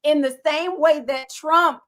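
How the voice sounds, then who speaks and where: A woman co-hosting a podcast in casual chat, expressive and indignant, cheering her partner on. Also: high-pitched, takes it slowly. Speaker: podcast co-host.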